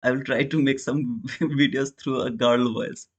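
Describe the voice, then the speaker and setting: This day trader and live-stream host, who has an Indian accent, speaks casually with viewers during his trading stream, calling them brother and handling the chat. His mid-range voice is a little slow, with fairly even intonation.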